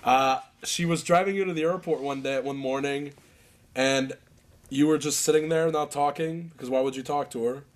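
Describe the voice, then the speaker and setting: A man telling animated stories in a casual interview, acting out other people and laughing as he goes. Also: on the high side, normal speed. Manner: animated, acts out voices and laughs through stories.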